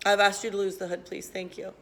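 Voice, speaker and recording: A woman teaching a class, brisk and directive, quizzing students with questions. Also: mid-range voice, level tone, a bit bright, a little hiss or hum.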